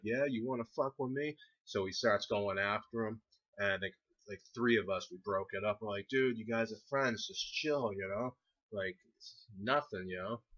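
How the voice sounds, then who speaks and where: A man's voice: fairly low pitch, bright, forceful tone. A young man casually telling a rambling, profane story from his teens, often laughing through it. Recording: dull lo-fi recording.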